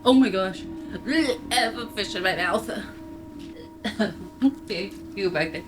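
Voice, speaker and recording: A young woman in her twenties giving casual, excitable commentary while playing a VR game, bursting into squeals and laughter when startled. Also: medium pitch, slow pace, music in the background. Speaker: VR gaming YouTuber.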